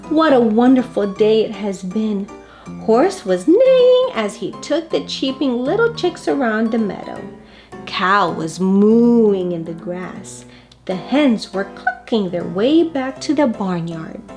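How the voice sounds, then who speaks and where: A woman reading a children's picture book aloud, slowly and expressively, and talking directly to the young listeners. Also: mid-range voice. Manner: slow, expressive, addresses children. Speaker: storybook reader for children.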